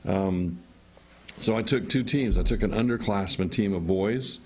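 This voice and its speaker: Deep-voiced man explaining steadily. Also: unhurried. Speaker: teacher and coach. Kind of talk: radio interview guest.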